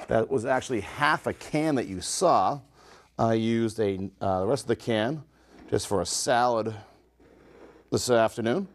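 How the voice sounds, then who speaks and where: Chatty cooking-show host man. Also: mid-range voice. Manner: chatty, enthusiastic, talks straight to viewers; talks with mouth full while tasting. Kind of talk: casual cooking demonstration.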